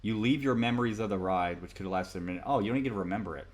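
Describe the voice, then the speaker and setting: Low-voiced laughing podcast co-host, a man. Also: very fast. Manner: laughing, rambling, reads a legend aloud. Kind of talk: casual chat.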